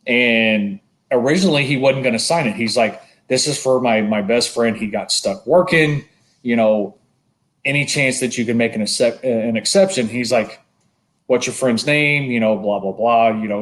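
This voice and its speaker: A man co-hosting a podcast, telling a long story in casual, animated chat and swearing freely. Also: mid-range voice. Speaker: podcast co-host.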